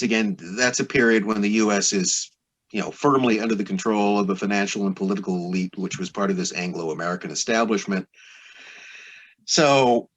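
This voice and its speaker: A man as a podcast guest, explaining history in a discursive, lecturing way full of asides. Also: on the low side.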